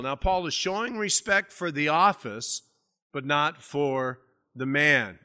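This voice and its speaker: This pastor's voice sits fairly high, sharp in tone, expressive and unhurried. He walks through a biblical text in an expository sermon with a conversational feel, lifting his delivery when quoting scripture.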